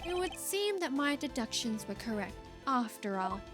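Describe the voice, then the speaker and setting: A woman voicing a stiff, formal male prosecutor in a measured voice, with game music behind. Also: very animated. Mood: stern. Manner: measured, formal, lower-pitched than her own.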